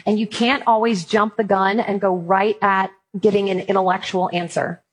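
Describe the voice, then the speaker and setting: Woman in her thirties, husky timbre, church speaker, animated and funny storyteller. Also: medium pitch, normal speed, poor audio. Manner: animated storytelling with playful humor. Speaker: Christian speaker on apologetics and parenting. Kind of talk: talk to an audience.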